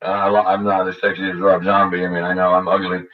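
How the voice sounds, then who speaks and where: Older male host, low voice, rambling and crude, recorded a bit distant on dull lo-fi audio. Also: completely flat delivery, quick pace. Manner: rambling, crude and bitter, many fillers and restarts. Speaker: radio show host. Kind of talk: rambling monologue. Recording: dull lo-fi audio, voice set back from the mic.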